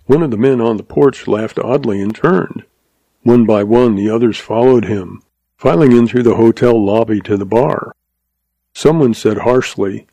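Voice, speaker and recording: A man narrating a western story in a measured, unhurried audiobook reading. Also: mid-range voice, gravelly, mellow, no room sound.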